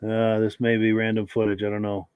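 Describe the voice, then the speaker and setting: A man's voice: lowish voice, completely flat delivery, fairly quick, clear, resonant tone, no room sound, phone-quality sound. A man hosting a live podcast, reading out viewer comments in an easygoing way with frequent filler words. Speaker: podcast host.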